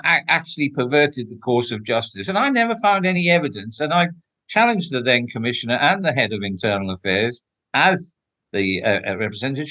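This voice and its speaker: A man's voice: medium pitch, sharp tone. An older man, a former royal protection officer, answering interview questions in an emphatic, outspoken way with frequent restarts.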